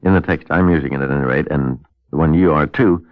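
On a dull old radio recording with no room sound, a man with a rumbling low voice leads a radio discussion. He reads scripture aloud at a measured pace with an old-fashioned cadence.

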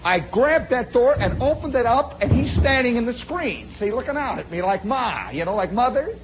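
A man spins a long personal yarn with plenty of drama, his voice sitting high for a man. He swings from loud, punchy bursts to quiet asides and keeps turning to the listener. A faint hiss sits under the voice. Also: big pitch swings, moderate pace. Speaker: storyteller. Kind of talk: spoken storytelling monologue.

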